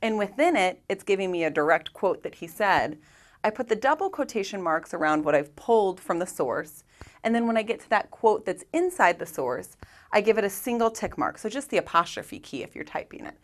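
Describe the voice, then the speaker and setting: A woman's voice: mid-range voice, sing-song, a little fast. A woman teaching an English grammar lesson, patiently walking through examples step by step and asking rhetorical questions.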